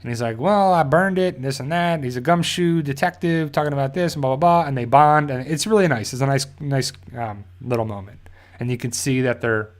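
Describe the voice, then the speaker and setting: A man hosting a TV review channel, casually recapping an episode in a rambling way, full of fillers and quick quoted lines from the characters. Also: mid-range voice.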